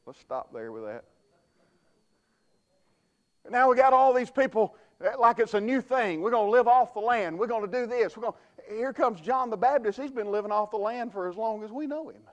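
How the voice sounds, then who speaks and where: A man's voice: extremely high pitch, lively intonation, moderate pace, lo-fi sound. A man preaching a sermon as pastor, folksy and emphatic with frequent restarts.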